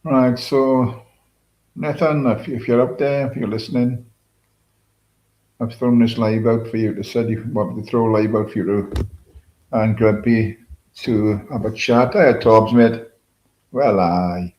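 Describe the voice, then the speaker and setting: A man's voice: medium pitch, fairly even intonation, a little slow, pauses often, warm tone. A British man hosting a casual live stream, greeting viewers by name and rambling with many fillers. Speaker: livestream host. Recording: roomy echo.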